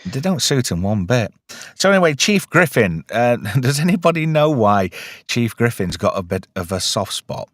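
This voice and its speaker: A man's voice: mid-range voice, sing-song, moderate pace, no echo, clean studio sound. A British man hosting a film review chat, rambling and joking, often restarting his sentences. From United Kingdom. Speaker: podcast host.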